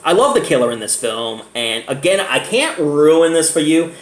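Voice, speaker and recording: A man's voice: fairly high pitch, sing-song, moderate pace. A man giving a casual, rambling movie review, laughing often as he talks. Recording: echoey room.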